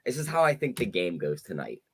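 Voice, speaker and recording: A man's voice: low voice, very animated, brisk, a loud crowd. A man on a sports betting panel who acts out game moments as he predicts them. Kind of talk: casual sports betting chat.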